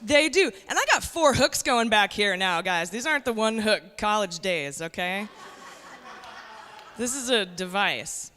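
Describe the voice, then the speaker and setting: Woman in her forties, stand-up comic, brash and chatty, bright edgy voice, long echo of a hall, faint hiss. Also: medium pitch, expressive, a little slow. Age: 40s. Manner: brash, conversational, addresses crowd directly. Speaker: stand-up comedian. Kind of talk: stand-up comedy set. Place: comedy club stage.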